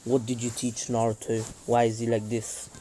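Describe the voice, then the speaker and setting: A man voicing an old village leader in a fan story, measured, quiet and low. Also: monotone, a little hiss or hum, natural voice. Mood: stern. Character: old male village leader, calm authority.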